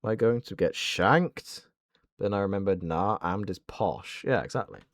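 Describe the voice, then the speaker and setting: A man with a southern English accent and a fairly low voice speaks at a moderate pace while casually bantering on his gaming livestream, feigning indignation. The recording is dry, close-miked, with faint game music underneath.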